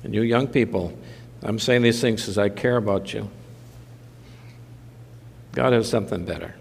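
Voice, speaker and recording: A man's voice: on the low side, normal speed, gravelly, in a large hall, a little hiss or hum. A man preaching a conversational sermon, with mildly sardonic asides. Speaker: pastor.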